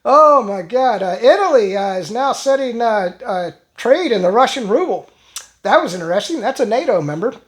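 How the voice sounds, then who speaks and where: A woman hosts a casual commentary vlog with a somewhat high-pitched voice. She rambles, breaking off into fillers and restarts, and chuckles between her thoughts. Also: animated, normal speed. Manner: chuckles while talking. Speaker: channel host.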